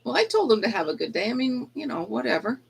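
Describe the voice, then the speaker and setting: A woman with a somewhat high voice chats casually on a phone livestream from an indoor yarn room. She laughs easily and coos at baby chicks. Their faint cheeping sounds behind her. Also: sing-song, fast talker, vocal fry, husky, rough recording.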